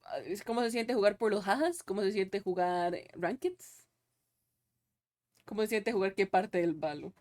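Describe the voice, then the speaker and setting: A woman's voice: medium pitch, fairly quick, darkish tone. A young woman streaming live, chatting loosely with her viewers, laughing often and swearing casually.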